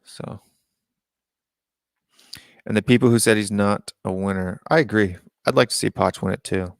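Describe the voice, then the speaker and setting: A man's voice: fairly low pitch, moderate pace, gravelly, no echo, clean studio sound. An American man hosting a casual live-stream call-in show, reading out viewer comments and musing on them aloud. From United States.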